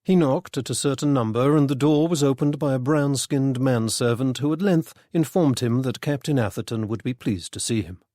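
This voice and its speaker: A man's voice: mid-range voice, normal speed, hardly any pauses, warm tone, no room sound, clean studio sound. Man narrating a mystery story. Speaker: audiobook narrator.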